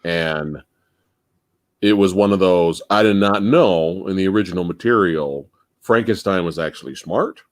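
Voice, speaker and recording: A man's voice: low voice, measured pace, no room sound. A man hosting a podcast live, chatting casually about movies and acting out scenes as he talks. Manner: animated storyteller, acts out scenes, swears. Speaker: podcast host.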